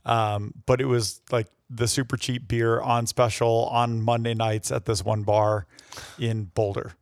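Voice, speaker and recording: A man's voice: mid-range voice, little pitch movement, measured pace, no room sound. Middle-aged man, podcast co-host, rambling storyteller, casual chat, dry close mic.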